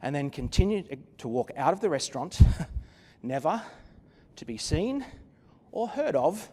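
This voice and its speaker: A man's voice: a little high, very animated, unhurried, darkish tone, in a large hall. A man giving a conference keynote, telling a story dramatically with wry asides into a stage microphone. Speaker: keynote speaker. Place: conference venue.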